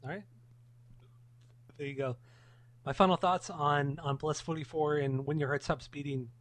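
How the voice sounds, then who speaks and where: A man's voice: fairly high pitch, steady tone, moderate pace, fairly bright tone. Upbeat man steering a podcast segment. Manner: upbeat, guides the segment, swears casually. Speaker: podcast co-host. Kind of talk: casual music podcast chat.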